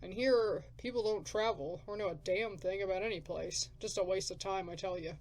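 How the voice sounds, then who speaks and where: Gruff, grumbling male scavenger in a game, read by a woman, blunt and coarse, mid-pitched. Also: moderate pace, darkish tone, natural voice. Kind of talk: reading game dialogue aloud.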